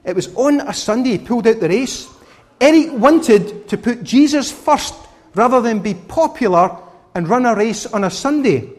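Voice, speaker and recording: Animated high-voiced male preacher. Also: normal speed. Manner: animated, questioning the children directly. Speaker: preacher giving a children's talk. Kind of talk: children's sermon.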